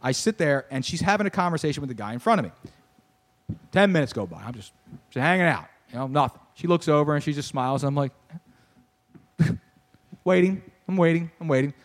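A young man hosting a podcast, telling a story in casual sports-talk banter, animated, riffing and ranting with laughs. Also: a little high, a little fast, pauses often. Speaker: podcast host.

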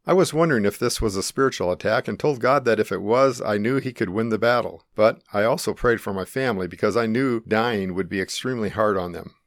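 A middle-aged man calmly and earnestly narrating his own life-or-death experience in the first person. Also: on the low side, a little fast, hardly any pauses, no echo, clean studio sound. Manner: calm, earnest, reflective.

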